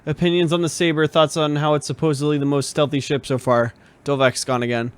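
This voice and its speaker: A man co-hosting a live podcast, teasing the others with quick jokes in casual chat. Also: a little high, little pitch movement, clean tone. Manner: joking, teasing interjections. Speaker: podcast co-host.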